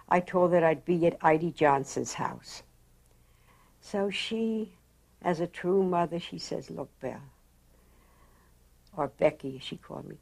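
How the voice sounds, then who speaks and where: An elderly woman recalling her youth in a slow, reflective oral history interview. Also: fairly low pitch. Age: older. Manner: slow, reflective, animated in quotes.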